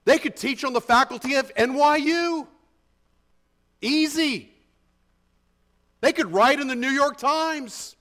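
A pastor preaching an expository sermon in a conversational, emphatic way, often asking the congregation rhetorical questions. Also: male voice, very high-pitched, slow, long pauses, sharp tone.

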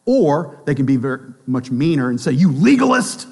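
A man's voice: medium pitch, normal speed, warm tone. A man preaching a sermon in a conversational way, often checking in with the listeners and acting out the voices of people he quotes. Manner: conversational preaching with frequent tag questions; acts out quoted voices of both sides. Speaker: pastor.

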